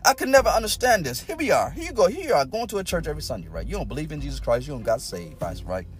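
A man preaching a sermon, folksy and repetitive, swinging from loud exhortation to low, close talk. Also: big pitch swings, racing, soft background music. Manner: folksy, repeats phrases, speaks in tongues.

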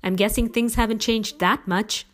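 A woman's voice: fairly high pitch, fairly even intonation, normal speed, pitched above the performer's own voice, natural voice. A woman voicing a wry, pedantic teenage boy who enjoys teasing his father in a family story. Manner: teasing, amused.

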